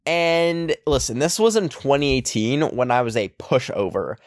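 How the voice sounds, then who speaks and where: A man's voice: medium pitch, expressive, normal speed, no room sound, studio quality. Rambling, chatty young man. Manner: chatty, rambling, full of "like" and laughs. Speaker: vlogger. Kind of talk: casual storytime. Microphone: handheld microphone.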